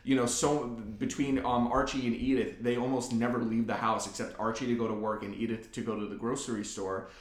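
A man's voice: medium pitch, level tone, brisk, hardly any pauses. A man co-hosting a casual podcast about a TV show, talking things through in an analytical way, with some swearing and laughter. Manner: analytical, profane, laughs along. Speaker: podcast co-host. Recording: roomy echo.

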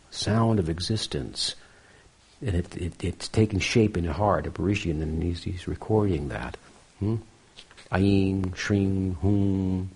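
A man with a deep, husky voice lectures on sacred texts. He speaks reflectively and keeps checking in with his listeners with a questioning "hmm?". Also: a little mellow. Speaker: spiritual teacher. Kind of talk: scripture lecture.

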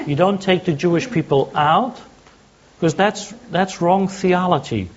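A man's voice: high voice, measured pace, highs cut off, a little hiss or hum. A man preaching a sermon, teaching by asking questions and answering them himself. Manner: teaching, asks and answers his own questions.

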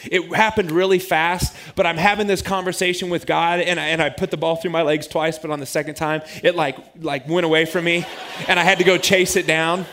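A man in his forties preaches in a fairly high voice. He tells a story with lively, self-mocking humor, as a pastor talking to his congregation. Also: fairly quick, a little hiss or hum.

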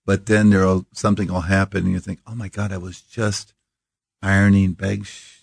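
A man in his fifties from Iowa muses as an interview guest, circling back and restarting his thoughts. His voice sits very low with a gravelly fry. The studio sound is dry and close. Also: flat delivery, normal speed, dry recording. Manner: reflective, rambling with restarts. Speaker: coffee company founder, guest. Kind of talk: casual interview. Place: radio studio.

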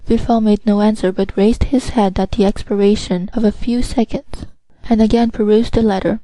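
A woman narrating an audiobook in a steady, measured storytelling manner. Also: mid-range voice, dry recording, rough recording.

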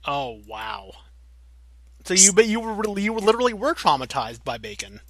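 A man co-hosting a podcast, chatting casually and laughing a lot as he banters with his partner. His voice is high and bright. The sound is dry and close, with no room echo. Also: big pitch swings, normal speed. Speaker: podcast co-host. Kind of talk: casual chat.

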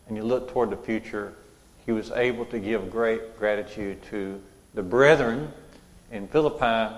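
Male preacher, gravelly mid-pitch voice, chatty sermon style, church reverb. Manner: conversational, repeats and restarts phrases.

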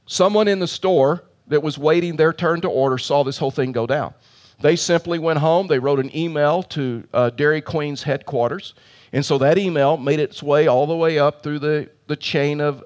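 A man's voice: on the high side, moderate pace. A middle-aged male pastor preaching an earnest sermon, telling a story with emphatic repeated phrases.

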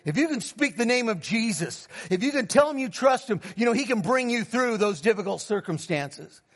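During a sermon, this middle-aged pastor tells his own testimony expressively and at a moderate pace. He calls on the congregation to respond and performs his exchanges with God, voicing God lower and more softly.

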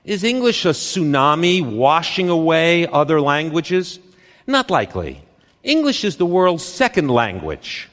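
On a stage in a large hall, a man gives a conference talk in a high, lively voice that rises and falls with each phrase. He speaks slowly and deliberately in short, dramatic, punchy lines broken by pauses, and the hall's long reverb trails every word.

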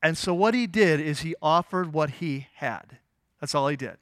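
High-voiced male pastor preaching. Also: lively intonation, a bit bright, no echo, studio quality. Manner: conversational, asks the congregation questions; voices biblical figures in quick asides. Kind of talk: sermon.

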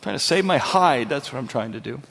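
A man's voice: mid-range voice, expressive, a little fast, creaky, a bit bright, husky, long reverb tail. A male pastor preaching a verse-by-verse sermon in an earnest, conversational way, asking his listeners questions.

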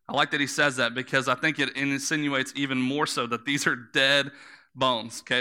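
A man's voice: medium pitch, flat delivery, moderate pace, bright, forceful tone, smooth. A man preaching a sermon, telling the story in vivid images, repeating words for emphasis and asking the listeners to close their eyes and imagine.

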